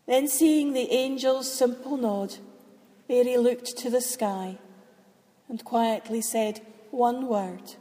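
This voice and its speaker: A woman reading a storybook aloud, expressive and lightly voicing the characters. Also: fairly high pitch, slow pace. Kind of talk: storybook read-aloud narration. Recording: long hall reverb.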